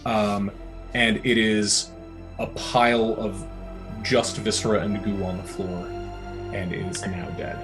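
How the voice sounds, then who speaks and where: A man's voice: fairly low pitch, little pitch movement, takes it slowly. A man running a tabletop game as game master, narrating casually with lots of fillers. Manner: casual, descriptive, many fillers. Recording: music behind the voice.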